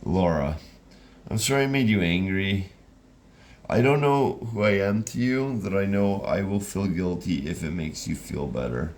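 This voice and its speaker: A man's voice: deep voice, lively intonation, a little slow, darkish tone, slight background noise, pitched above the performer's own voice. A man doing a bitter, worn-out woman. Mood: apologetic. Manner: curt, weary, snapping.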